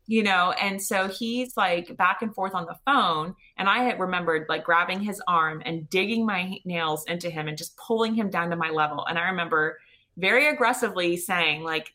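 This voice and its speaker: A woman guest on an interview show, telling her own story in a lively, chatty way with lots of "you know" and "like". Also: on the low side, normal speed. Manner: lively retelling with many "you know" and "like" fillers. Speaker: podcast guest. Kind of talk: personal storytelling.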